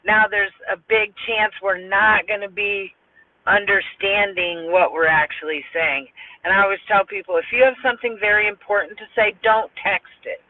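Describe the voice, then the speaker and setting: A man's voice: high voice, steady tone, normal speed, no room sound. A man with a Southern US accent hosting a support group chat, giving advice and repeating his key points for emphasis. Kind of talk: casual livestream chat. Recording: tinny phone-like audio.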